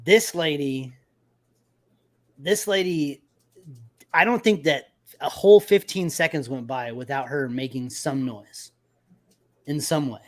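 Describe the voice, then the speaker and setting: A man hosting a podcast, telling a story in casual chat with lots of swearing and animated retelling. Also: fairly high pitch, slow, pauses often. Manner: profane, animated storytelling with laughs. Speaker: podcast host.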